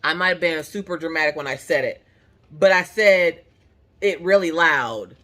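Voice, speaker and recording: A woman hosting a crafting channel, telling a story in a casual, animated and dramatic way, swearing freely. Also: low-pitched, moderate pace.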